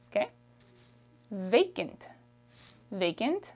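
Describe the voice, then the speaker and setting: A woman's voice: medium pitch, lively intonation. A woman from Canada with a Canadian French accent, teaching a vocabulary lesson patiently and checking in with her viewers. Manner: patient, repeats each word slowly, checks in with "okay?". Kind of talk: slow language lesson.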